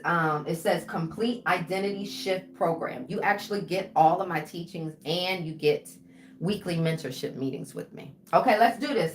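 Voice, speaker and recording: A woman's voice: mid-range voice, fairly bright tone, slight background noise. Woman coaching live in an echoey room. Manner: casual, drawling, repeats okay and right to the viewers. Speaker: mindset coach. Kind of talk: live-stream teaching. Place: room with a whiteboard.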